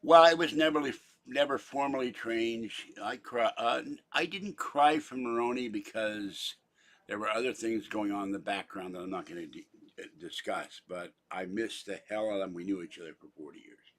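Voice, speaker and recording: A man's voice: fairly low pitch, moderate pace, a bit bright. An older man from Pittsburgh, talking in a rambling, chatty monologue full of theatrical asides. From Pittsburgh, Pennsylvania. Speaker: vlogger.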